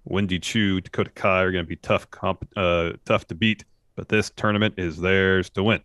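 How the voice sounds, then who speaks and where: A man co-hosting a wrestling podcast, giving a steady, casual play-by-play summary from his notes. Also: sits low, normal speed, no room sound, clean studio sound. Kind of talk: casual chat recapping a wrestling show.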